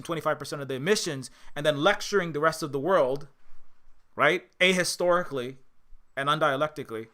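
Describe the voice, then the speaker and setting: A man's voice: fairly high pitch, sharp tone. A man giving casual spoken commentary as a video essayist, impassioned and rambling, with frequent restarts and filler words.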